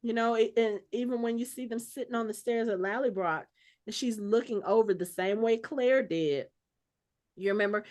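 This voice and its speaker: A woman's voice: a little high, moderate pace, a little mellow. A woman hosting a podcast in casual chat, rambling and laughing often as she recaps a TV episode. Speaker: podcast host.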